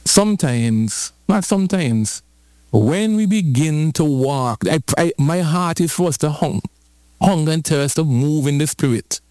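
Man preaching, unhurried delivery, higher voice, playful repetition, call-and-response. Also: lively intonation, dark tone, no room sound, studio quality. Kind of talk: sermon.

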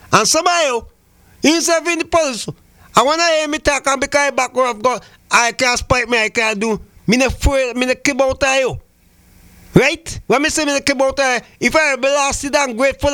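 A man's voice: extremely high pitch, bright, forceful tone, dry recording. An older man from Saint Vincent with a Vincentian Creole accent, giving heated political talk on radio, preachy and fiery, repeating phrases for emphasis. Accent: Vincentian Creole English.

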